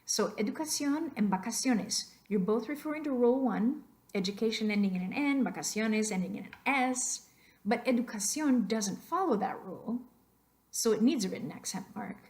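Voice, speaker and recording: A woman's voice: on the high side, lively intonation, normal speed, darkish tone. A woman teaching a narrated slideshow lesson, explaining patiently and saying example words aloud to model their stress. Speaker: Spanish teacher.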